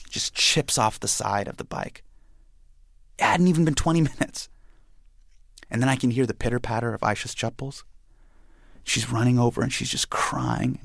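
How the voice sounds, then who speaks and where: A young adult man telling a personal story in an animated way, acting out the voices of his family. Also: medium pitch, gravelly, no room sound, clean studio sound.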